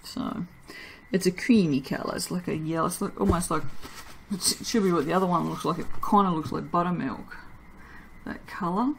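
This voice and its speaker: While she makes and cuts soap, a woman talks casually for her vlog, weary and self-mocking, with frequent laughter. Her voice is on the low side and creaky, her speed normal, and there's slight background noise.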